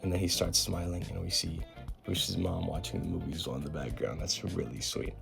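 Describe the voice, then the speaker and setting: A man's voice: sits low, expressive, normal speed, gravelly, over music. A man giving a casual, slangy recap of a comic, paraphrasing each scene in an offhand storytelling way. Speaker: comic book recap host.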